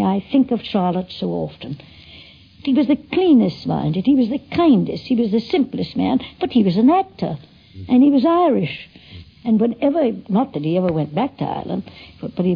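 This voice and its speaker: A woman's voice: medium pitch, vocal fry, slightly rough. An older woman telling personal stories in a chatty, anecdotal way, full of asides. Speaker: interviewee recalling a late friend. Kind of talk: archival reminiscence. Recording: dull lo-fi archive recording.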